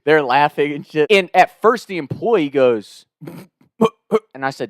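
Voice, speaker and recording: A young-sounding man with a voice a bit high for a man tells a comedic story loosely and excitably, packed with swearing and fillers. He rambles at a measured pace, and the sound is dry and close with no echo.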